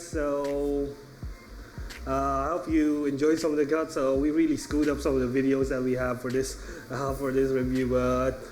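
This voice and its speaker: A man talks through an artbook unboxing in a loose, halting way, often restarting his sentences. His voice sits at an ordinary middle pitch, and a faint hum runs behind him. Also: darkish tone, rough recording. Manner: rambling, halting, with many restarts; earnest fan, laughs now and then. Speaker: channel host. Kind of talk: casual artbook unboxing review. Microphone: top-down camera setup.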